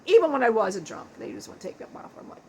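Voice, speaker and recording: A woman's voice: a little high, very animated, rapid-fire, darkish tone, a little hiss or hum. A woman channeling a crude joking dead man's spirit. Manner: crude, swearing, jokey, laughs often. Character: irreverent dead man's spirit, big bald joker.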